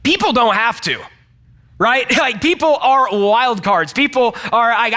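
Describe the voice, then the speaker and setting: A man's voice: extremely high pitch, animated, a little slow, bright, forceful tone. A young man from Georgia in the US, a pastor giving a chatty, conversational sermon and speaking straight to his listeners. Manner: chatty, self-deprecating, addresses listeners directly.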